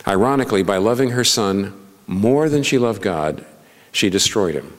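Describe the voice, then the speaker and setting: A man's voice: fairly low pitch, lively intonation, normal speed, big-room sound. A middle-aged man, a pastor, preaching a sermon in an earnest, conversational way, full of rhetorical questions.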